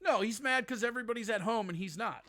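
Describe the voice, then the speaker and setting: High, bright-voiced man teasing on a stream. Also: quick pace. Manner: profane, teasing. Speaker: livestream host. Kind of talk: casual chat with a caller.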